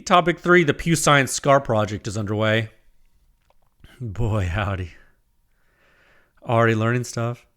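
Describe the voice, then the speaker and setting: A man hosting his own podcast, talking alone into the mic. He sounds excitable and rambling, often restarting his sentences before he gets going. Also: fairly low pitch, moderate pace, long pauses. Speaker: podcast host. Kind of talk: solo podcast talk.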